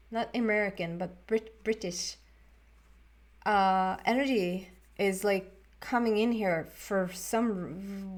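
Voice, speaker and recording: A woman's voice: medium pitch, darkish tone. A woman giving a casual, rambling tarot reading to camera, often restarting her words. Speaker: tarot reader.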